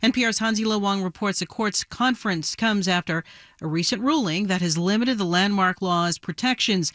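Male news anchor, measured and deliberate read, high voice, dry booth. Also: fairly bright tone, dry recording. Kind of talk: newscast reading.

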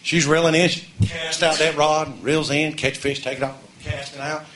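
A middle-aged man from Mississippi, telling a folksy comic story on stage and shouting his punchlines. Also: a little high, little pitch movement, normal speed, a crowd in the background. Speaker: comedian. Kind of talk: storytelling stand-up.

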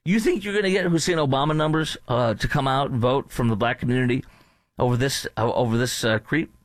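A man's voice: medium pitch, steady tone, a little fast, no room sound. A man hosting a talk radio show, delivering a combative, emphatic political monologue. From North Texas.

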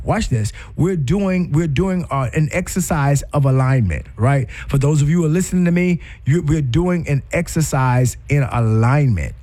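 A man's voice: on the high side, darkish tone. A man preaching a sermon in a conversational way, repeating words and lifting his voice for emphasis.

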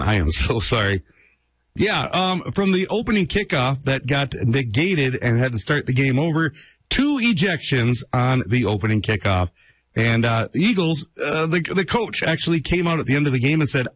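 A male radio host in casual sports commentary, animated and self-mocking, with frequent fillers. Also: no room sound. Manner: lively pitch, with frequent fillers.

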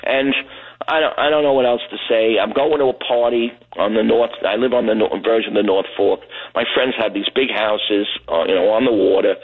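A man's voice: on the low side, steady tone, moderate pace, breathy edge. An older man from Brooklyn, calling into a radio show and telling a story with chuckles. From Brooklyn, New York. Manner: rambling, chuckling anecdotes. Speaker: caller. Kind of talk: phone-in storytelling. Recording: phone line.

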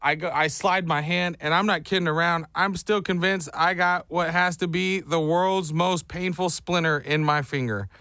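A man's voice: fairly high pitch, normal speed, hardly any pauses, no room sound, clean studio sound. A man in his thirties telling a story in casual chat as a show co-host, acting out the voices. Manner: animated, acts out voices in his stories.

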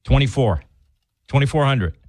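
A man's voice: mid-range voice, lively intonation, normal speed, dry recording. A man with a Massachusetts accent in casual chat, rambling and laughing often, breaking off his own sentences.

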